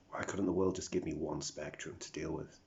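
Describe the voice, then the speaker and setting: A man's voice: rumbling low, creaky. A man from South Africa with a picked-up British accent, rambling and mumbling in a confessional video diary, dropping into whispers and swearing often. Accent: British, picked up over a South African upbringing. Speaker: vlogger. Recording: dull lo-fi recording.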